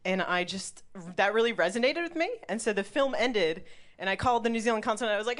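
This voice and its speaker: A woman's voice: on the high side, animated, fast, a bit bright. Chatty woman telling a story. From Milwaukee, Wisconsin, USA. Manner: chatty, lots of "like", swears, laughs often. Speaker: storyteller at a live event. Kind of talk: personal story told to an audience.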